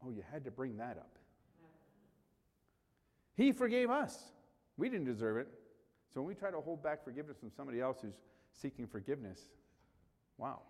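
A man's voice: medium pitch, sing-song, normal speed, pauses often, a little mellow, big-room sound. A male pastor preaching a sermon in a conversational way, rising sharply for emphasis.

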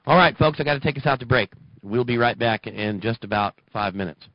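Brief: male talk radio host, mid-pitched, mocking and heated, dry dull broadcast sound. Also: fairly even intonation, a little fast, no echo. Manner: sarcastic, ranting, mocking. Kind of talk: political talk radio monologue.

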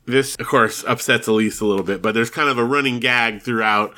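A man's voice: medium pitch, brisk, bright, forceful tone. A man co-hosting a podcast, casually recapping a TV episode, laughing often and acting out the characters' lines. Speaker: podcast co-host.

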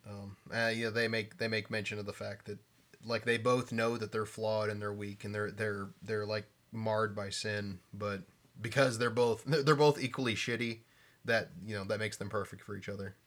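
A man with a somewhat low voice joins a casual podcast chat. He readily agrees with the others and adds his own short points. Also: fairly even intonation, a bit bright. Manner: agreeable, quick to chime in. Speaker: podcast co-host.

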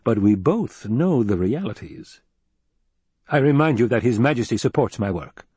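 A man's voice: medium pitch, big pitch swings, moderate pace, darkish tone, husky, dry recording. A man voicing a stiff, guarded male planetologist in an audiobook, speaking in a curt, clipped way. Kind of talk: audiobook character reading.

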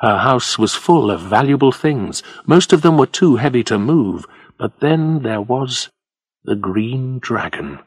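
A man reads a story for language learners, his voice slightly husky and full of lively ups and downs. The sound is dry and close, with no room echo around it. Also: medium pitch, a little slow. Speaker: narrator.

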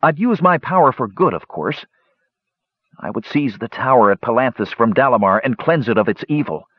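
A man's voice: mid-range voice, lively intonation, normal speed, breathy edge, dry recording, lo-fi sound, voice pushed up. A man voicing a proud, power-hungry young male mage with a sneering manner. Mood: haughty. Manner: sneering, haughty.

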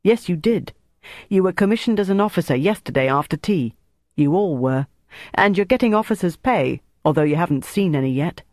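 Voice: medium pitch, expressive, brisk, darkish tone, no room sound, clean studio sound, natural voice. An audiobook reader voicing a commanding young woman who leads a wartime team, firm and impatient. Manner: firm and bossy.

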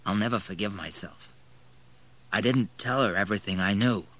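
A man voicing a remorseful older banker who speaks quietly. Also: fairly low pitch, moderate pace.

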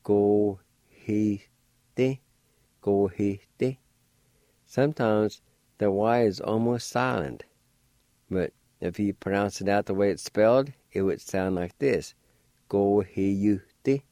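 A man's voice: lowish voice, measured pace, darkish tone, dry recording, clean studio sound. A man teaching a radio language lesson, patiently spelling out words syllable by syllable and encouraging learners to practice.

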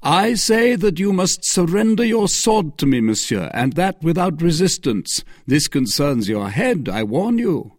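A man's voice: on the high side, very animated, unhurried, hardly any pauses, dry recording, clean studio sound, voice pushed up. A man reading aloud, voicing a stern, commanding male equerry of a cardinal in formal, official tones.

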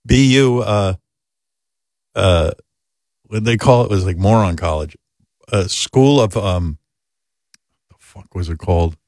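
A man's voice: sits low, takes it slowly, long pauses, a little mellow, no room sound, studio quality. A man hosting a talk show, telling a profane, self-deprecating story in a casual way. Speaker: radio show host.

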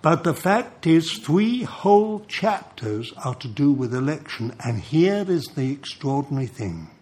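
An older man preaching a sermon, telling stories in an animated way and chuckling between points. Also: a little high, unhurried. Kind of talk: sermon with storytelling.

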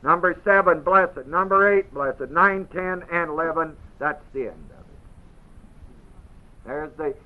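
A man teaching a Bible class at an unhurried pace. He leans hard on repeated words and keeps quizzing his listeners, and his voice sits a bit high for a man. The recording is thin and tinny, like an old phone line. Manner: emphatic, quizzes the class with questions.

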